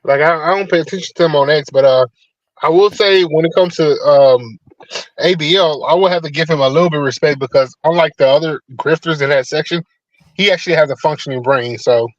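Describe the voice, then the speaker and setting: A man's voice: on the high side, fairly quick, lo-fi sound. A man speaking as a guest in casual commentary, laid-back and dismissive, swearing freely.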